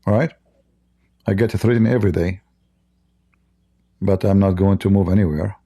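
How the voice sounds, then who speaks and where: Low-pitched and mellow, slightly rough, at a normal speed, this man hosts a live stream. He reads viewer chat and mocks things bluntly and heatedly in broken, non-native English.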